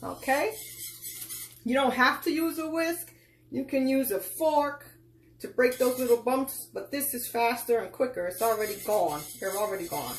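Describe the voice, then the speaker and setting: A woman's voice: fairly high pitch, normal speed, a little hiss or hum. Folksy woman teaching a live cooking lesson. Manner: folksy, instructive, calls viewers child and girl. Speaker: cooking tutorial host. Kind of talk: casual live cooking demonstration.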